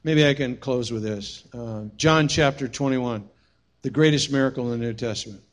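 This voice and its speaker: A man's voice: medium pitch, moderate pace. A man preaching a sermon as pastor, telling stories with humorous asides. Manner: storytelling, humorous, animated asides.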